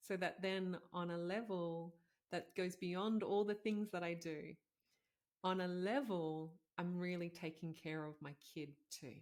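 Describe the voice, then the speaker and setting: A woman in her thirties with a slightly low voice, hosting her own show. She tells a personal story in a heartfelt, conversational way, full of "like" and "you know.". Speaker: podcast host, integrative doctor.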